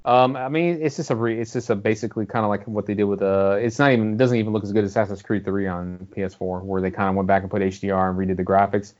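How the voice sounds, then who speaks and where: A low-voiced male co-host rambles fast and animatedly through casual gaming chat, swearing freely. The audio is muffled, dull, and lo-fi.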